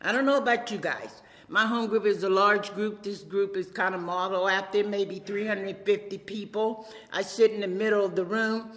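A middle-aged woman from Louisiana with a Southern accent shares her personal testimony from a podium, teasing the crowd in a chatty way. Her voice has a bright, forward edge and carries a long echo off a big hall. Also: medium pitch, fairly even intonation, moderate pace, few pauses. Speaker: speaker at a recovery meeting. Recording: reverberant hall.

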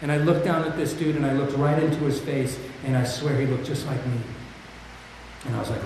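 A man's voice: fairly high pitch, normal speed, a little hiss or hum. A man sharing his own recovery story in a candid, raw, self-deprecating way, speaking to a group at a meeting. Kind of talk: candid personal testimony. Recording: echoey hall with long reverb, faint ambience.

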